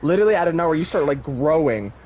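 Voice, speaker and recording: A young man in casual chat, retelling a wild dream and acting out its voices with lively swearing. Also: fairly high pitch, racing. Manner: animated storyteller, acts out voices, swears casually. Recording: dull lo-fi sound with faint noise.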